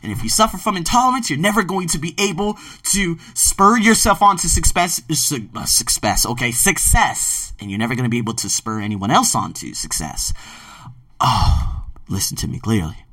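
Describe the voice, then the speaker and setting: A man hosting a podcast and reviewing a book, talking emphatically and swinging between loud outbursts and low murmurs. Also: expressive, brisk, dry recording, recorded from a distance. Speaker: podcast host. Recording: dry, set back from the mic.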